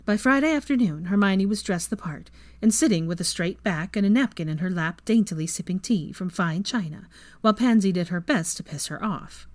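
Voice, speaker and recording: A woman's voice: mid-range voice, a little fast. A woman narrating a fan fiction story as its reader. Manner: expressive storytelling. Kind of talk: scripted narration.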